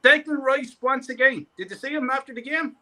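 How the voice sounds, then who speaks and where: A man's voice: very high-pitched, brisk, bright, forceful tone. A man calling in to rant angrily about his football team, sweary and repetitive. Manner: furious, sweary, repetitive ranting.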